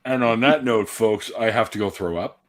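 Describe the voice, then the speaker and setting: A man's voice: lowish voice, moderate pace, no room sound. A man hosting a casual livestream chat, laughing often and swearing freely. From Canada. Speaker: host.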